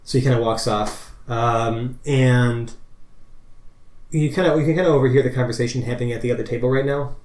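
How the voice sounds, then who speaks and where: A man's voice: mid-range voice, steady tone, brisk, a little mellow. Rambling man game master, roomy echo. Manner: rambling, filler-heavy, laughing. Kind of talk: narrating a tabletop game. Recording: roomy echo, faint noise.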